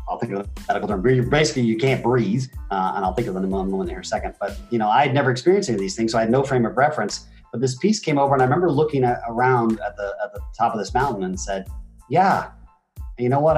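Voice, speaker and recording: A man in his forties speaks as an interview guest, his voice pitched in a middle range. He tells his stories with emphatic energy that rises and falls. Faint music plays beneath him. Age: 40s. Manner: animated, emphatic storytelling with swings in energy. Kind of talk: motivational interview talk.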